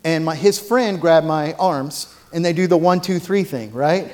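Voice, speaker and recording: A man with a fairly high voice preaching from a church platform. He tells funny stories, then builds to loud, emphatic preaching. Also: normal speed, few pauses. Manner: storytelling with humor, rising to loud preaching. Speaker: pastor. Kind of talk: sermon.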